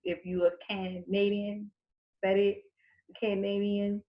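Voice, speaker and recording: A woman's voice: mid-range voice, level tone, slow pace. An American woman vlogger talking casually and emphatically to camera about paying for college, gesturing with her hands as she talks. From United States. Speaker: vlogger giving college funding advice. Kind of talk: casual direct-to-camera talk. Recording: echoey room, dull lo-fi sound.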